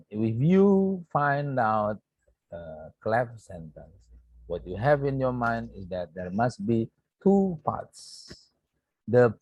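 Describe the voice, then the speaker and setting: A man's voice: fairly low pitch, a little mellow, breathy edge, no room sound, rough recording. A man with an Indonesian accent, a native Indonesian speaker, teaching an English grammar lesson to his students, repeating points and saying "yeah" often. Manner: repetitive, says "yeah" often, slow deliberate explaining. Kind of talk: recorded online grammar lesson.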